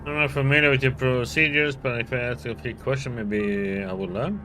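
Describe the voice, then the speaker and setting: A man's voice: mid-range voice, fairly even intonation, normal speed, pushed and bright. A man playing a role-playing game and reading its text and dialogue aloud in a casual way. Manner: reads out all the characters in a light, casual way. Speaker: let's play streamer.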